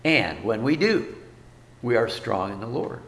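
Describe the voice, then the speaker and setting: A man's voice: medium pitch, very animated, measured pace, fairly bright tone, reverberant, long reverb tail. A man preaching a sermon as pastor, folksy, with rhetorical questions and repeated phrases.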